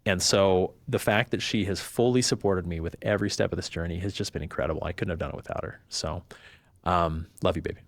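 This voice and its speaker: A man's voice: low voice, fast, dry recording. A man, a podcast guest, telling a personal story in casual chat and acting out the voices of the people he quotes. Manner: animated, acts out quoted voices.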